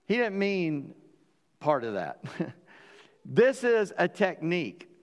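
A Southern man preaching in a long-echoing sanctuary, his voice sitting a little high for a man. He tells the story with lively energy and breaks into voices for each part of the dialogue. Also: slow pace. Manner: animated, acting out dialogue in voices. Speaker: pastor. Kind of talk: sermon.

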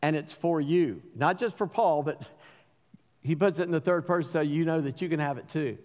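A man preaching a sermon as pastor, earnest, dropping to a hush on key lines and rising when he pleads. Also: a little high, moderate pace. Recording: long hall reverb.

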